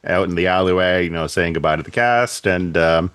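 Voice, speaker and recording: Lowish-voiced man recapping an episode. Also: brisk, a bit bright, clear, resonant tone, no room sound. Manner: chatty, filler-heavy, acts out quotes in silly voices. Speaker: podcast co-host. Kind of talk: casual chat, recapping an episode.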